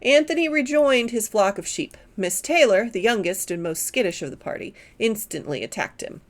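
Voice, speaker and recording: Expressive woman reading a novel aloud. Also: medium pitch, normal speed, hardly any pauses. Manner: expressive storytelling. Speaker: reader and knitter.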